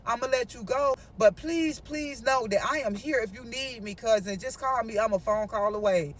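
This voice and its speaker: A woman voicing her adult female cousin, pleading softly and sounding concerned, with the voice a little far from the mic. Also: sits high, normal speed, voice pushed down, natural voice.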